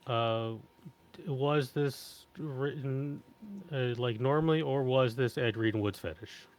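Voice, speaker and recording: A man co-hosting a tabletop podcast, blunt and wry, with quick one-liners. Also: mid-range voice. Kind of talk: casual chat.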